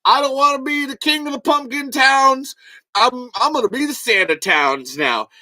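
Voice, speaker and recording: Guy doing a whiny selfish skeleton king, high and bright, self-pitying. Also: animated, normal speed, no room sound, heavily acted.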